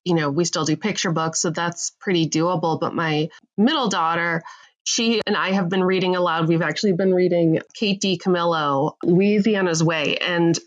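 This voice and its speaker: A woman author and mother, talking in a relaxed, conversational way as a podcast guest. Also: on the low side, moderate pace.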